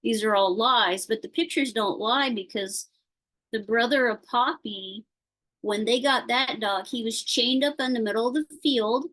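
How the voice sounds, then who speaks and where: A woman talks slowly and a little high over a video call connection. Her speech wanders and stalls on fillers and restarts as she tells her story in casual chat. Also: a bit bright, low-quality recording. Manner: rambling, halting, with many fillers. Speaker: participant sharing a concern.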